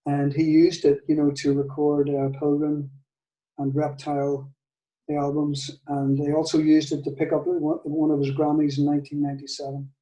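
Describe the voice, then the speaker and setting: Older Northern Irish man, mellow, echoey. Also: a little high, completely flat delivery, normal speed, far from the mic, muffled recording. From Northern Ireland. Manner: hesitant, many restarts and soft laughs. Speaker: guitar maker, guest. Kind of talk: casual storytelling interview.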